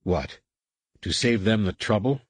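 A man's voice: on the low side, animated, unhurried, breathy edge, dry recording. A man voicing a stern, commanding teenage male Jedi who speaks in a firm, clipped way.

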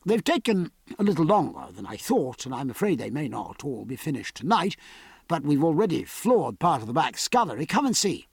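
A man playing a hearty naval captain, enthusiastic, high bright exclamations, husky edge. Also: very animated, fairly quick, no room sound, clean studio sound, heavily acted.

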